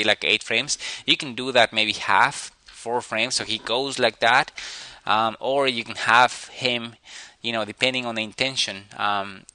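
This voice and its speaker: A man critiques an animation shot as he sketches, thinking aloud in halting phrases full of fillers. His voice sits low with a tense, forceful edge. The sound is dry and close. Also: dry recording, low-quality recording. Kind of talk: portfolio critique while drawing.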